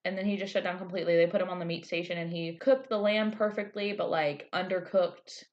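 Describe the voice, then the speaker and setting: A woman's voice: lowish voice, fairly even intonation, a little fast, a little mellow, dull audio. A woman co-hosting a podcast, chatting casually, acting out quotes and swearing freely. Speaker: podcast co-host. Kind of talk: casual recap chat.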